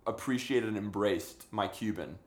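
A young man from Miami telling stories in a casual chat, animated and laughing often. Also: fairly low pitch, moderate pace. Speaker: guest. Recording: roomy echo.

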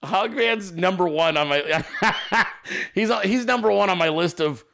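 A man hosting a podcast in casual, profane, joking chat, quick to laugh. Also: sits high, pushed and bright. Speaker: podcast host.

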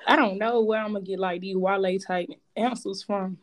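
A woman with co-hosting a casual chat, animated and slangy, laughing often. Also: medium pitch, a little fast, few pauses.

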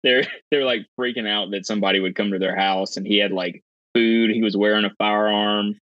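A man's voice: fairly low pitch, fairly even intonation, brisk, no room sound. A man co-hosting a casual podcast in an easygoing way, trailing off with "uh". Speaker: podcast co-host. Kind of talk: casual chat. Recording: dull, dry close mic.

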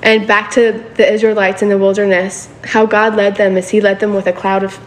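A woman's voice: medium pitch, little pitch movement, brisk. A woman preaching a sermon in a casual, conversational way, often checking in with her listeners for agreement.

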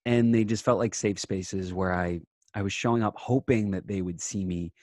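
A young adult man, an actor guest, chatting casually in a remote interview and telling animated stories in which he quotes himself. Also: on the low side, moderate pace, dry recording, clean studio sound. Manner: animated storyteller, quotes himself in lively bursts. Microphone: remote call mic.

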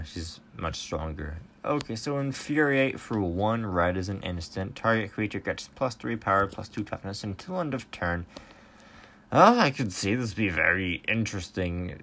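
This is a man reviewing trading cards in a relaxed, chatty monologue, sitting a little low in pitch. He is excitable, jumping up in volume at powerful cards and stumbling over his words before settling back down. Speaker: trading card game reviewer. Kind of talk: casual card review monologue.

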